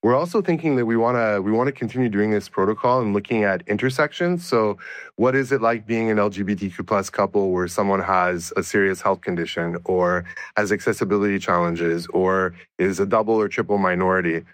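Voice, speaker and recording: This low-voiced man, a researcher being interviewed, explains things carefully and keeps starting his sentences over. The audio is close and dry, without any ambience from the room.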